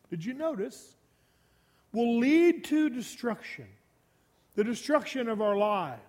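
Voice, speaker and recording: A male pastor with a notably high voice delivers an emphatic sermon. He keeps repeating key phrases and throwing rhetorical questions at the congregation. His words ring out with a long reverb tail in a large church hall. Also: a little mellow.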